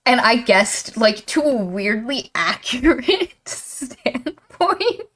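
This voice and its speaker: A woman's voice: fairly high pitch, big pitch swings, slow pace, fairly bright tone. A woman co-hosting a book podcast, talking casually and animatedly, often laughing and mimicking characters.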